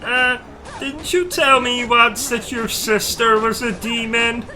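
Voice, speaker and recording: Man doing Bertram, a timid high-voiced sidekick. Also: fairly even intonation, slow, pushed and bright, soft background music, full character voice. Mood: hesitant. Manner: starts nearly every line with a nervous "um" or "uh". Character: timid, hesitant male sidekick assistant.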